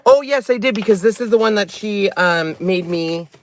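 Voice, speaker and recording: A man hosting a crafting channel, chatting excitably and breaking into giggles while opening gifts in his car. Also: high-pitched, normal speed, a little hiss or hum. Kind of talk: casual unboxing vlog. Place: inside a parked car.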